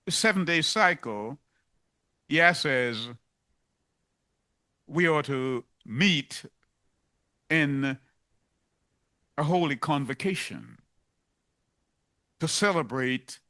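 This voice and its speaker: A man's voice: a little high, sharp tone. A man preaching a sermon, emphatic and driving points home by repeating them.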